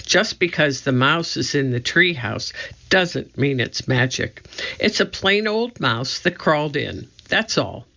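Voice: medium pitch, expressive, unhurried, gravelly, sharp tone, dull audio, full character voice. A reader voicing a cautious eight-year-old boy who is worried and skeptical, often exasperated. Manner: exasperated, doubtful.

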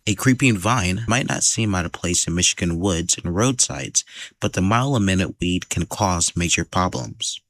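Deep-voiced man reporting radio news. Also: moderate pace, creaky, no room sound. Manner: calm, steady narration.

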